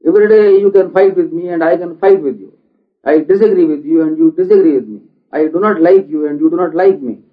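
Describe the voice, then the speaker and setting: A man giving a philosophical lecture, deliberate in manner and asking many rhetorical questions. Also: fairly high pitch. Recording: dull lo-fi recording.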